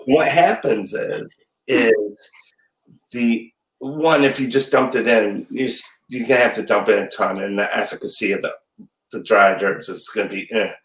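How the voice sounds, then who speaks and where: Recorded with poor, reverberant audio, a middle-aged man speaks at a moderate pace in a low voice from his home kitchen. He's a chef and dad guest in a casual chat, an animated, jokey storyteller who rambles.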